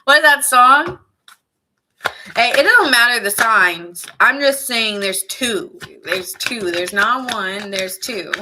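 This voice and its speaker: A woman's voice: medium pitch, takes it slowly, hardly any pauses, background noise. A woman giving a casual, chatty tarot reading to camera, laughing often and filling her talk with "like". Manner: playful, animated asides to the viewer. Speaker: tarot reader.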